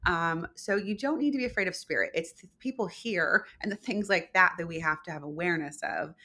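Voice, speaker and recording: A woman speaking as a psychic medium guest in a casual podcast conversation, emphatic and animated, explaining with rhetorical questions. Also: on the low side, brisk.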